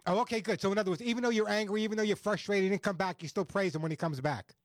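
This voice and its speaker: A high-pitched man hosts a call-in radio show from a studio mic, with a dry, close sound. He talks fast and eagerly, sometimes stumbling over repeated words as he gives advice. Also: dry recording. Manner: fast, energetic, repeats words when excited. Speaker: radio pet show host and dog trainer. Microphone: studio microphone.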